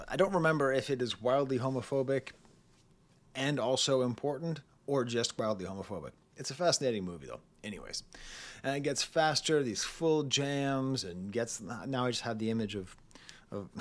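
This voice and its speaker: Man rambling through a jokey album review. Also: mid-range voice. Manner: rambling, digressive, jokey asides, laughs often. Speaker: music reviewer, channel host. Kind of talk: casual album review monologue.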